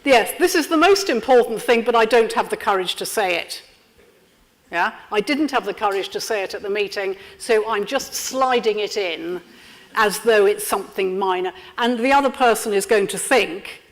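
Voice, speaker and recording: A woman leading an interactive training workshop, lively and constantly checking in with her audience. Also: mid-range voice, moderate pace. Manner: lively, checks in with frequent "yeah?". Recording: lecture room with long reverb.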